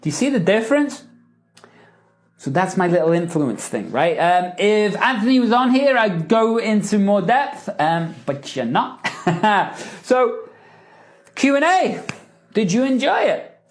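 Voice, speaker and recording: Guy teaching influence lines on a live q&a, lively voice jumping up and down, keeps saying right? okay?. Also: high voice, unhurried. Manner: animated, acts out example lines with rising and falling emphasis; frequent "right?" and "okay?" tags, chuckles between points. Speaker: podcast host and coach.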